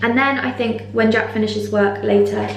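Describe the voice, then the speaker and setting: A young woman in her twenties chatting casually to camera in a vlog, excitable and full of fillers. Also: a little high, moderate pace. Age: 20s. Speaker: vlogger. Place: indoors, mostly empty new flat. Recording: echoey room, faint background noise.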